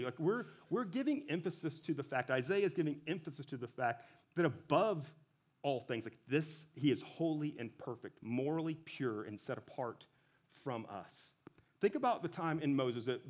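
A man giving a relaxed sermon, talking conversationally with frequent self-corrections and joking asides. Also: mid-range voice. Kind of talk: casual sermon.

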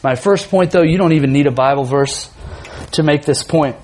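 A man in his thirties, a youth pastor telling a funny family story in a sermon, animated and often laughing. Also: a little high, normal speed.

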